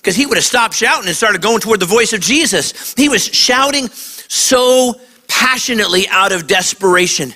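A man preaching a lively sermon to kids, acting out voices and shouting at the high points. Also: breathy edge. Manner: animated, acts out voices. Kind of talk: sermon to a young audience.

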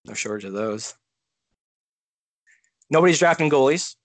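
A relaxed man chatting casually on a podcast, thinking out loud and letting his sentences trail off. His voice sits at a middle pitch and sounds dry and close to the mic, with no room around it. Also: measured pace, dry recording. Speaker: podcast co-host. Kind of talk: casual fantasy draft chat.

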